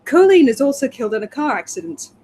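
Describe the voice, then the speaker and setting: A woman's voice: sits high, very animated, quick pace, warm tone, a little hiss or hum, poor audio. Giggly woman reading a timeline. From England. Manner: giggly, chatty, reads with playful asides. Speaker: co-host. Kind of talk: reading a timeline aloud with casual banter.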